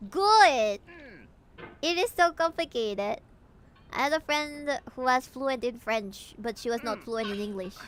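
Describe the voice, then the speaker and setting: Streaming as a VTuber, a young woman from Peru giggles and jokes around casually with her chat in a Peruvian Spanish accent. Her voice sits on the high side, somewhat bright, and she talks a little slowly over faint background noise.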